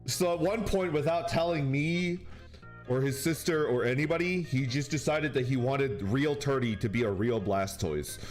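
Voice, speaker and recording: A man's voice: medium pitch, moderate pace. A man streaming and chatting casually with viewers, telling a rambling story and laughing often. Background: faint background music.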